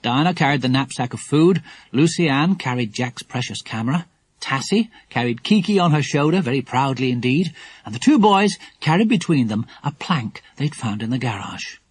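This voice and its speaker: A man's voice: medium pitch, normal speed, breathy edge, dry recording. Man narrating a kids audiobook, bouncy delivery, dry close studio sound. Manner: lively, expressive storytelling.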